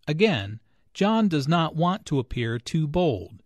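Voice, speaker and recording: A man explaining spoken English phrases in clear, patient scripted narration. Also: fairly high pitch, sing-song, takes it slowly, dry recording. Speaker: English teacher.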